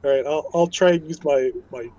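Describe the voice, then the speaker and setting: A man's voice: on the high side, a little fast, warm tone, highs cut off. A man playing a tabletop role-playing game, speaking in an easygoing, hesitant way with ums and repeated words. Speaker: player. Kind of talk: casual tabletop play.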